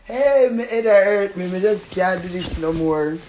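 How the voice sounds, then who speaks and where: A woman with a Jamaican accent, a tenant loudly cursing and taunting her landlord in patois during a real-life argument, breaking into laughter between insults. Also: on the low side, normal speed, slight background noise. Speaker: tenant in a dispute.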